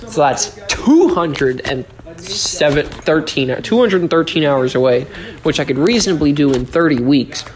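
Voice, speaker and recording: A man hosting a casual solo podcast, joking around, swearing a lot and breaking into sudden yells. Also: a little high, lively intonation, normal speed, crowd noise. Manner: profane, joking, with sudden yelling outbursts. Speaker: podcast host.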